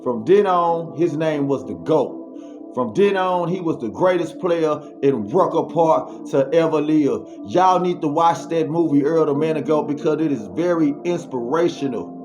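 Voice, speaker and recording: A man vlogger telling a story in an animated, slangy way and then preaching, with sound effects he makes himself. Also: fairly high pitch, a little slow. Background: music.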